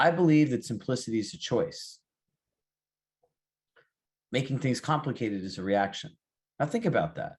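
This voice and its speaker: An animated male coach leads a group session with a lively, swinging voice. He drives his points home with rhetorical questions and puts participants on the spot by name. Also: medium pitch, moderate pace, pauses often. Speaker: real estate coach.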